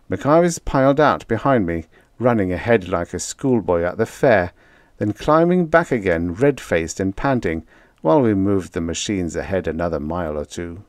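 A man narrating an audiobook in the first person, with expressive, dramatic storytelling, close to the mic. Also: deep voice, no room sound.

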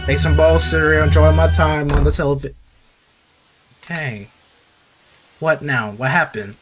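A man's voice: fairly high pitch, steady tone, moderate pace, long pauses, over music. A man playing a horror game on his channel, scared and jittery, repeating the same words over and over and calling everyone "bro". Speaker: gaming youtuber.

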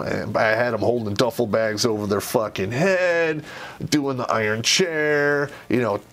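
A man at an ordinary pitch tells old army stories as a show host. He talks bluntly and swears constantly, rambling and circling back with plenty of fillers. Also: a bit bright. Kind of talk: casual storytelling monologue.

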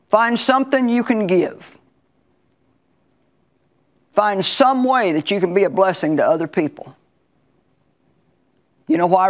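A woman's voice: fairly low pitch, a little mellow. A woman Bible teacher preaching a sermon in a conversational, emphatic way, repeating her key lines.

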